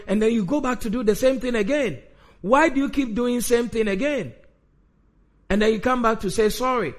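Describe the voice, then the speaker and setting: High-voiced man preaching emphatically. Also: normal speed. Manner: emphatic, repetitive, scolding the congregation directly. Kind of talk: sermon.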